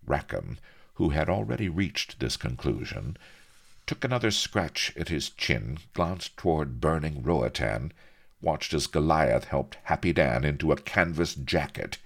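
A man narrating an adventure story in expressive scripted narration. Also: extremely low pitch, measured pace, gravelly, breathy edge. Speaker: audiobook narrator.

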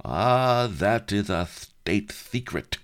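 A man's voice: low voice, lively intonation, slow pace, pitched above the performer's own voice. A man voicing a portly, lecherous nobleman who pants and leers. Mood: lustful. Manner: leering, panting, crowing.

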